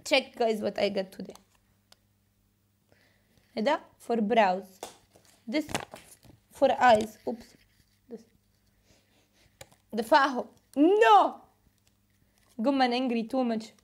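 A woman's voice: a little high, expressive, slow pace, long pauses. A woman hosting a casual livestream, chatting playfully with viewers in simple broken English and laughing often. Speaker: livestream host.

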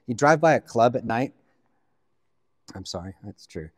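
A man from the Pacific Northwest, a guest pastor, preaching a sermon in an animated storytelling way, with joking asides. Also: medium pitch, normal speed, big-room sound.

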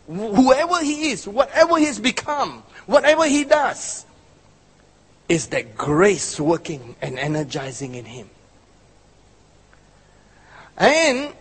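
A man preaching a sermon, stretching out key words and then pressing hard on others. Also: very high-pitched. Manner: emphatic, drawn-out phrasing with bursts of force. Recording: hall reverb.

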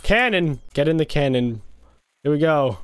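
Young male gaming host, high voice with lots of swing, excitable, gasps and taunts over gameplay. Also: moderate pace, clear, resonant tone, no room sound. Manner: excitable, gasping and exclaiming, playful taunts. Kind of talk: casual gameplay commentary. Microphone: desk microphone.

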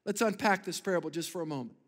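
Pastor, male, high-pitched, fervent sermon delivery with call-and-response, long hall reverb. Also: very fast. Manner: emphatic preaching, calls on the congregation to repeat words. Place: church sanctuary.

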